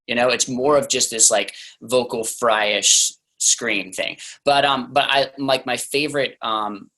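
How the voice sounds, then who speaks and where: A young man talks as a guest in a relaxed interview. His voice is bright and forward, pitched in an ordinary male middle range. His delivery is loose and chatty, full of "like" fillers. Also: unhurried, rough recording. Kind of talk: casual interview talk.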